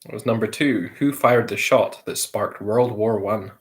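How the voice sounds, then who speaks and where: A man hosting a casual quiz, reading each question and repeating it. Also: lowish voice. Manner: repeats questions slowly, with light chuckles. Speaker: quiz host.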